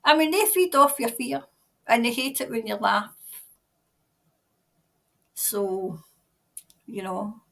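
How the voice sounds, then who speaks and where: A woman's voice: fairly high pitch, lively intonation, slow pace, gravelly, long pauses, bright, forceful tone. A Scottish woman reading tarot on a casual livestream, chatting in a rambling way with lots of fillers and frequent laughs. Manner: chatty and rambling, laughs often, many "like" and "you know" fillers. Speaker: tarot reader reading viewer comments.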